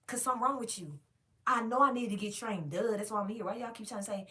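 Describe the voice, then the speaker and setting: A woman vlogger telling a casual storytime monologue straight to her viewers, animated and emphatic, with plenty of swearing. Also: a little high, fast talker. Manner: directly addresses viewers.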